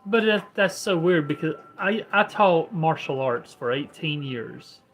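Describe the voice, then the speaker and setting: A man's voice: a little high, expressive, a little slow, fairly bright tone, slight background noise, rough recording. A man chatting casually at home, easygoing with dry humor. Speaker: homesteading vlogger. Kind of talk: casual chat.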